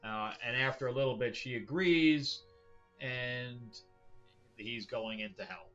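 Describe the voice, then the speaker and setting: Male host, bright forceful voice, loose and blunt, slightly dull recording with faint music under it. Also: mid-range voice, slow pace. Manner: rambling, with frequent fillers and restarts; blunt, opinionated. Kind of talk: casual comic book review.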